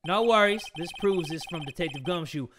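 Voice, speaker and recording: Brief: drawling, laid-back cowboy lawman as a man puts him on, slow and folksy. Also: on the high side, background noise, lightly acted.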